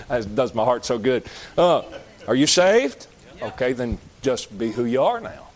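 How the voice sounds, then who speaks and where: Lively, folksy Southern preacher. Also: male voice, medium pitch, measured pace. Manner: animated, folksy, emphatic, sometimes shouting. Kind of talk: sermon.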